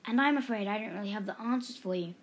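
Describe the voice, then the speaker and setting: A woman's voice: medium pitch, fast talker, a little hiss or hum, rough recording. Woman storyteller reading a children's book, chatty. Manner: chatty asides to the listener.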